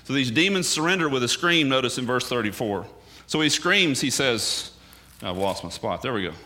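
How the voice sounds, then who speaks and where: Man, Bible teacher, bright tone, animated sermon delivery with chatty asides. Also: medium pitch, moderate pace. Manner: animated, swings loud and soft, casual asides.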